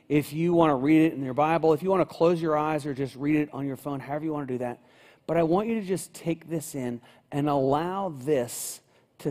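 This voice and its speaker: A male pastor preaching a sermon in a church, earnest and unhurried, reading scripture slowly. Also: fairly high pitch, darkish tone. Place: church sanctuary. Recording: long church reverb.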